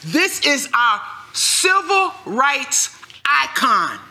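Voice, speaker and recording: A woman delivering a loud, laughing comic rant with swearing, played as a clip. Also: sing-song, extremely slow. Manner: loud, laughing, swearing, big swoops in pitch. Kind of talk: stand-up style comic rant. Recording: clip with loud crowd and noise. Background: loud crowd laughter.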